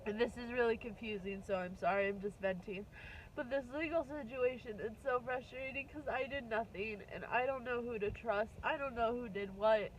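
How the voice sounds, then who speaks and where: A woman in her twenties venting on a vlog, upset and close to tears, rambling and swearing in halting bursts. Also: a little high, slight background noise, poor audio. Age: 20s. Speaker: vlogger.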